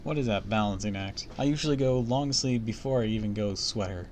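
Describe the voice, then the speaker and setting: A man's voice: on the low side, a little fast, a little mellow, a little hiss or hum. Chatty man reading a book aloud. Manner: chatty, comments and jokes between passages. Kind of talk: casual read-aloud with asides.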